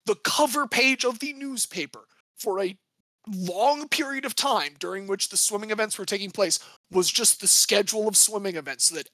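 A man with a fairly high voice co-hosts a casual sports history podcast, talking in a rambling, jokey way and correcting himself as he goes. The sound is dry and close, with no room around it. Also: sharp tone, dry recording. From United States. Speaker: podcast co-host.

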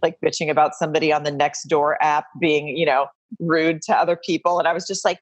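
A woman's voice: low-pitched, level tone, quick pace, hardly any pauses, dry recording. A woman from Arkansas, a podcast guest, chatting casually and self-deprecatingly about home life. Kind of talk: casual chat.

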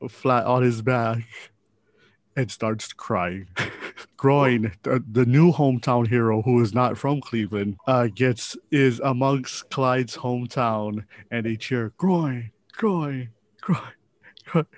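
Slow, dry-voiced man running a tabletop game. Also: medium pitch, no room sound. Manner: laughing, joking asides. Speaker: game master.

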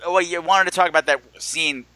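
A man hosting a podcast, riffing on a bad movie in animated, joking banter and telling stories. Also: sits high, fast, no echo. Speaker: podcast host. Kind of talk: casual movie-review banter.

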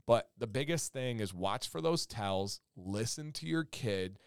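A man in his thirties co-hosting a parenting podcast, telling stories with animated quoted voices and the odd swear word. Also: medium pitch, measured pace, smooth, dry recording, studio quality. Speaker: podcast co-host. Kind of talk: casual chat.

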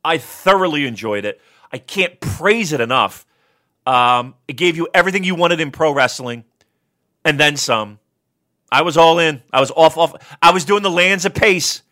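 A man with a bright, higher-pitched voice, co-hosting a casual review podcast. He swears freely and swings widely in pitch, building from easy chat into loud, excitable rants. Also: normal speed. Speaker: wrestling podcast co-host.

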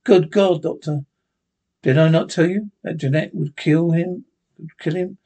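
A man reading the part of an excitable male doctor who speaks in agitated exclamations. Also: a little high, a little slow.

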